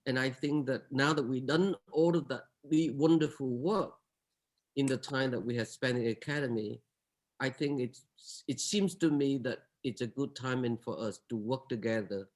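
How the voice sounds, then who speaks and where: A man's voice: mid-range voice, normal speed. A man speaking as a curator on a panel, earnest and searching, often restarting his sentences. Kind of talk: reflective panel remarks.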